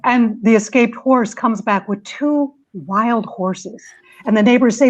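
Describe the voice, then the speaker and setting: A woman panelist telling a story with lively retelling over a video call. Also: fairly high pitch, measured pace, dull audio.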